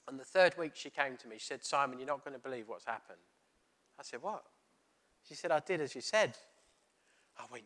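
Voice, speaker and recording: A man's voice: medium pitch, a little fast. A middle-aged man giving a sermon, telling a story and acting out the dialogue. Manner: storytelling, animated, retelling dialogue. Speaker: preacher.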